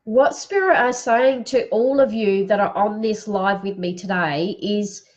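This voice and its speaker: A woman giving a psychic reading on a live stream, tearful, speaking in a slow, soothing way as she guides breathing. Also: medium pitch.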